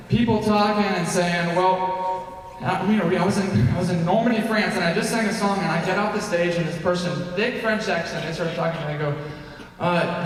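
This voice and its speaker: A man's voice: high voice, recorded from a distance, a little hiss or hum. A young man, the singer and bandleader, chatting and joking with a live audience between songs in a rambling, self-deprecating way. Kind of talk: on-stage banter between songs. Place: concert hall at a country club, live audience. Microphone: stage microphone. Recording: live concert recording, echoey hall, band playing.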